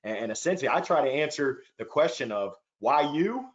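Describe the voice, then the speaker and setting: A man's voice: a little high, expressive, brisk, lo-fi sound. A man speaking as a panel guest in a webinar, upbeat and earnest, often repeating words as he starts a thought, heard over a video call. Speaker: panel guest, sales leader.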